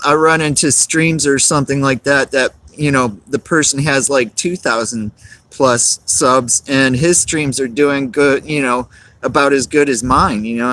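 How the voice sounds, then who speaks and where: A man's voice: on the high side, fairly bright tone, no echo. A man, live-streaming outdoors on a cold, windy day, rambling and greeting chat viewers by name.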